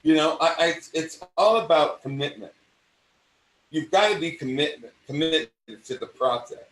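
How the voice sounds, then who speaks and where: A man's voice: a little high, moderate pace. Older man with a mid-Atlantic accent. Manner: animated, repeats and restarts phrases. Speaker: acting coach hosting a show. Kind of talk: casual conversation. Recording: roomy sound from a distant mic.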